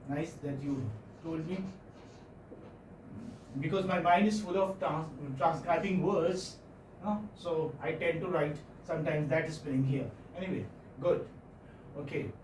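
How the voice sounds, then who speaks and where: His voice a bit mellow and on the high side, the Indian English-accented lecturer walks his class through phonetics by repeating words, coaxing, and checking in often. He is middle-aged, and the sound is echoey and distant with a faint noise.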